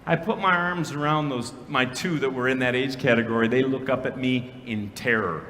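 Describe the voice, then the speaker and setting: A man from Minnesota giving a keynote speech at a conference, telling a story dramatically, with shouted punchlines and hushed quiet lines. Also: medium pitch, moderate pace. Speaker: keynote speaker. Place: large conference hall. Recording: long hall reverb, faint room noise.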